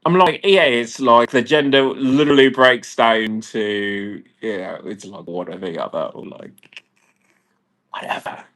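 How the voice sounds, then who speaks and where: Brief: man, mid-pitched, ranting vlog monologue, profane and agitated, rambling delivery. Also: measured pace, few pauses, fairly bright tone. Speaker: vlogger.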